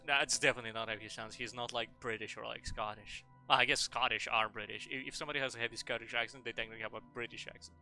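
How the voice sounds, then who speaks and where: A man's voice: medium pitch, fairly even intonation, rapid-fire, hardly any pauses, bright, forceful tone, soft background music. A man streaming a game in casual, playful chat, rambling and swearing freely.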